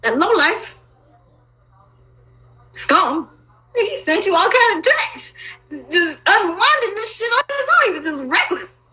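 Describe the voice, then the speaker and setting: A woman in an emotional personal monologue, talking in an agitated, profane and rambling way with sudden loud outbursts. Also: extremely high pitch, big pitch swings, takes it slowly, pauses often, low-quality recording.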